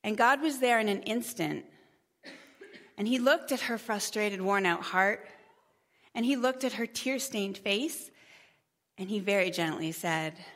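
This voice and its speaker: A middle-aged mother telling a parable and stories from family life at a church gathering, chatty with gentle humor. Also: medium pitch, expressive, a little slow, long pauses. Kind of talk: storytelling talk.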